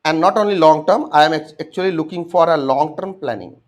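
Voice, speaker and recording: Speaking a little fast at a fairly high pitch, a young man with an Indian English accent gives an exam-prep lecture. He talks straight to his students and acts out their answers.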